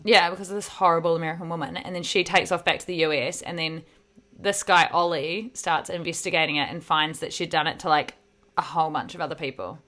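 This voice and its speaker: A young woman co-hosting a podcast, chatting casually and retelling stories with animated energy and frequent laughter. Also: low-pitched, quick pace. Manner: animated storytelling, laughs often. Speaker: podcast co-host. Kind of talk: casual chat.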